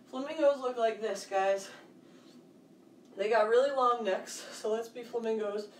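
A fitness coach with a fairly high voice runs an upbeat kids' workout class at home near a hallway, counting reps and cheering the children on. She's recorded from a distance in a reverberant space, with a little hiss or hum.

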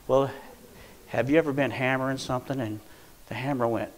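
A man preaching a Pentecostal sermon in church, swinging from hushed storytelling to fervent shouting. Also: medium pitch, steady tone, fairly quick.

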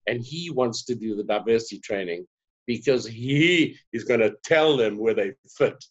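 A South African man speaking as a guest in a conversational interview, an animated storyteller. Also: medium pitch, normal speed. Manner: animated storyteller, laughs often. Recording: dull lo-fi sound.

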